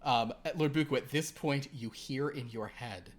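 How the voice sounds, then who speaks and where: A man narrating as game master of a tabletop role-playing game, lively and jumping into character voices. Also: moderate pace, slight background noise. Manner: animated, breaks into high character voices.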